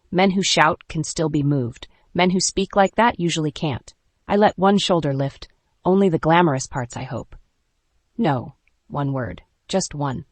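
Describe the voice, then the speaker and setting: An audiobook narrator reads a first-person romance story at a mid pitch, measured and even, with short clipped pauses between phrases. The sound is close and dry, with no room around the voice. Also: dry recording.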